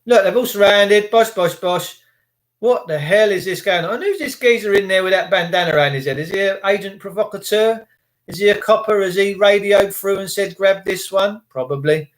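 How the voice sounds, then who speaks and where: Excitable high-voiced man livestreaming. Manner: excitable, sarcastic, addresses viewers as mate. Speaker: livestream host. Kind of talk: casual live commentary.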